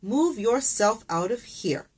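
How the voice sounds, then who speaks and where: A woman's voice: a little high, animated, slow, slightly rough, voice pushed up, full character voice. A woman voicing a big, bossy snake telling someone off.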